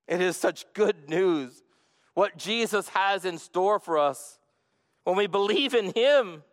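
A man preaching a sermon as a pastor, earnest, moving between hushed and emphatic delivery. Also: high voice, moderate pace. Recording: long reverb of a large hall.

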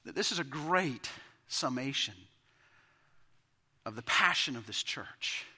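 A man preaching a sermon as pastor, impassioned and building to emphatic peaks, with quiet asides, in a church sanctuary. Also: medium pitch, expressive, takes it slowly, breathy edge. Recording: long hall reverb.

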